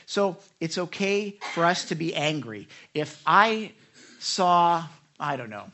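A middle-aged male pastor preaches with lively energy, slipping into little acted scenes of the people he talks about. His voice sits a touch high for a man and rings bright and forceful. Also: takes it slowly, slight background noise. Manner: animated, acts out quoted people. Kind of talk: sermon.

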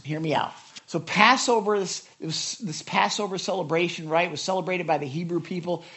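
A middle-aged man preaches in a bright, forceful voice that sits a little high for a man. He talks through scripture conversationally, then leaps into sudden loud, high bursts to drive his points home. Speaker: pastor. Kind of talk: sermon.

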